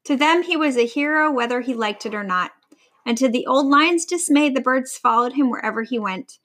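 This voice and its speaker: A woman reading a storybook aloud to a child, in an expressive, lively way. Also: high voice, brisk.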